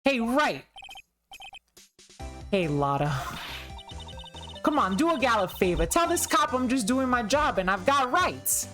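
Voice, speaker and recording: A woman's voice: a little high, very animated, a little slow, long pauses, soft background music, voice pushed up. A woman voicing a pushy young female reporter with a put-on Southern US accent, reading game dialogue aloud. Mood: pleading. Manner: loud, pushy, boastful.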